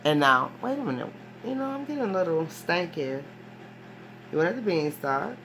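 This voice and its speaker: At normal speed, a deep-voiced woman rambles through a casual tarot reading, animated, emphatic and profane. She keeps restarting, loops back on her own phrases, and tags things with a questioning "right?" A faint hiss runs underneath.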